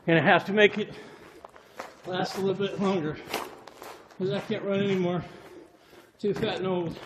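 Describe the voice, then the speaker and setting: A man's voice: high-pitched, fairly even intonation, normal speed. A middle-aged man out of breath, chatting and thinking aloud on a phone while running through a long tunnel. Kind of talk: casual walking commentary. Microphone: phone held while running. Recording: noisy phone recording.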